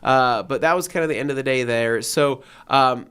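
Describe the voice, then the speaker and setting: A man's voice: medium pitch, normal speed, a bit bright, clean tone. A man in his thirties, a podcast co-host, telling a story in casual chat and acting out his own reactions.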